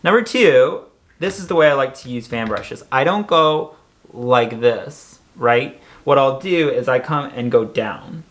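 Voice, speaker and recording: Man, chatty makeup tutorial, sassy asides, mid pitch. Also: expressive, a little slow, fairly bright tone. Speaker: makeup vlogger.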